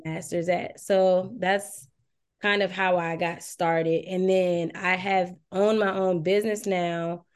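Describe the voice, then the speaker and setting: A woman guest who owns a design agency, telling her story in a relaxed, casual way and laughing often. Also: lowish voice, slow pace, clean tone. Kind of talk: casual interview chat.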